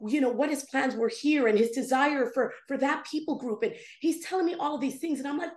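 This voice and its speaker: A woman with a high, bright-pitched voice tells a personal story in a podcast interview. She is animated and expressive, leaping up in pitch when she acts out what she said. The sound carries a roomy echo. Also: a little fast, hardly any pauses. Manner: animated, acts out her own past dialogue with big pitch jumps. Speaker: guest, prophetic intercessor.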